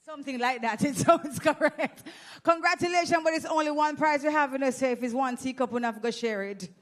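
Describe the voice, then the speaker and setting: A woman's voice: sits high, fairly quick. A Jamaican woman hosting a live event on a handheld microphone, teasing the audience and running prize games. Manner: playful, teasing, energetic. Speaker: event host.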